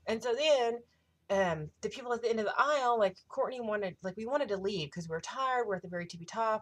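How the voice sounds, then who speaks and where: A woman in her thirties telling a story in a casual vlog, excitable and gushing, with a habit of swearing. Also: medium pitch. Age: 30s. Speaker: vlogger.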